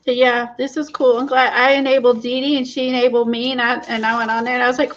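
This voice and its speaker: A woman's voice: fairly high pitch, level tone, fast, hardly any pauses, muffled recording. A woman hosting a craft livestream, chatting casually, laughing often and reading the live chat.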